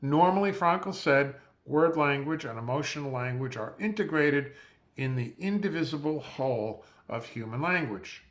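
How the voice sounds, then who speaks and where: A man, a physician, giving a measured, explanatory lecture over slides while seated at a close mic. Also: a little high, animated. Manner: measured, explanatory, spells out terms.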